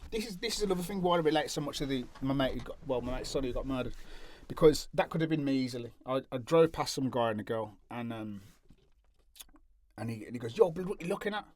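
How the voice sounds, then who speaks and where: Young man, brisk, animated interview storyteller. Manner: animated, acts out other people's lines in higher voices.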